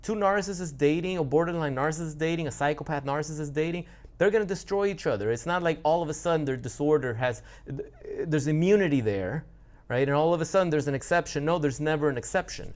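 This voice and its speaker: A man with a voice a little higher than most talks through relationship advice in a loose, casual monologue. He is blunt and swears freely, often stumbling and restarting mid-sentence. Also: fast talker, a little mellow. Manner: blunt and profane, with frequent restarts. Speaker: relationship coach.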